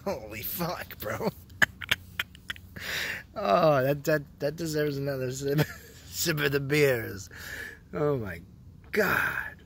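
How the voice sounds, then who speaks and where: A young man from Canada rambling crudely through a casual vlog, joking a lot and often dropping to a hushed mutter, recorded outdoors in a public spot. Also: on the high side, animated, takes it slowly, gravelly, long pauses, a little hiss or hum. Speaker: vlogger.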